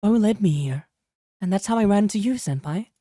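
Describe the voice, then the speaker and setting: A man's voice: sits high, animated, fairly quick, warm tone, no echo, clean studio sound, voice pushed up. A man putting on a shy, earnest young woman's voice with a put-on British accent while reading game dialogue aloud. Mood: earnest, polite. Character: shy polite young woman, a kind junior.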